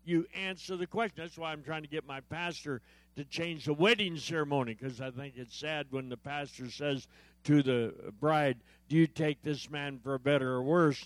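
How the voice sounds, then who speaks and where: Man, guest preacher, humorous sermon, acts out dialogue, calls to the congregation, higher voice, dry close sound. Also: moderate pace, fairly bright tone, dry recording. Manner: joke-telling storyteller, acts out dialogue; calls out to the audience for responses.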